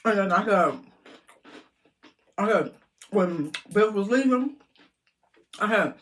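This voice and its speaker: A woman's voice: medium pitch, slow pace, slight background noise. Chatty storytelling woman vlogger. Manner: animated, chatty, addresses viewers as y'all. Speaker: vlogger telling a story while eating. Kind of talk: casual storytelling to viewers.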